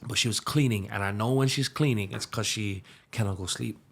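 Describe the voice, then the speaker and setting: A young man with a lilt speaks earnestly in a low, gravelly, slightly husky voice. He tells his story candidly as a podcast guest and sinks into a soft hush in the tender moments. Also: brisk. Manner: earnest, slips into soft hushed tones when emotional. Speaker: musician and aspiring pastor.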